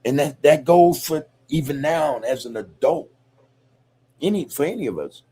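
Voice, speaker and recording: A podcast host delivers a casual monologue that's reflective, loose and profane, sprinkled with "you know, man." His voice is fairly high, animated and husky with a dark tone, at a moderate pace.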